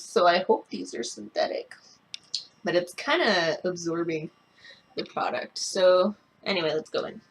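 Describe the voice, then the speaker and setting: A woman's voice: on the low side, a bit bright. A young woman vlogging a makeup review, talking casually and bluntly, swearing and ranting. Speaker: beauty vlogger.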